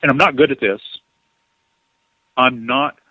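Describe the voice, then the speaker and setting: A man, a guest author, telling a story in an interview with animated delivery, acting out quotes. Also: mid-range voice, unhurried, dry recording, narrow, tinny audio.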